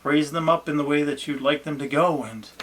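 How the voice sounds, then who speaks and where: Dad telling family stories. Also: male voice, on the high side, a little fast. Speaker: family vlogger. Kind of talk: casual chat.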